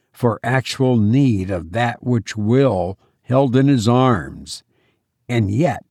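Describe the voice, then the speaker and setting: A man narrating an audiobook in a measured storytelling manner, close to the mic. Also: mid-range voice, darkish tone, dry recording. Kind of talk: scripted narration.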